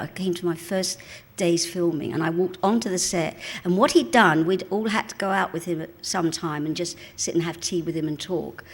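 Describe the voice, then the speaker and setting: An older woman with a London accent, telling cheeky show-business anecdotes in a chatty, animated way during a live stage interview in a cinema. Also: fairly low pitch, breathy edge. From England. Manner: chatty, animated storytelling with bursts of laughter; mouthy, cheeky. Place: cinema auditorium with live audience.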